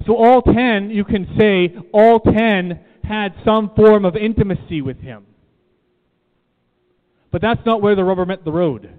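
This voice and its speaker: A man's voice: high voice, a little slow. A man preaching a sermon to a room, emphatic and repeating key phrases, asking the listeners questions. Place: church room. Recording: tinny phone-like sound, long reverb.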